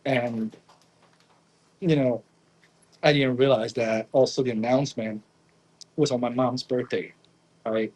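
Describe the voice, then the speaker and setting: A man's voice: mid-range voice, measured pace, long pauses, husky, low-quality recording. Young guy from around naples telling a story, keeps saying right?, acts out what people said. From Naples area, Italy. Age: young adult. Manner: animated, acts out quotes, frequent "right?" tags. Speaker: pizza chef guest. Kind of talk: casual interview storytelling.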